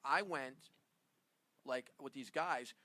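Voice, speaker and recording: A radio talk show host chats casually with guests in the studio, rambling, laughing often, and stammering and repeating himself. His mid-range voice is pushed and bright, slow, and dryly recorded.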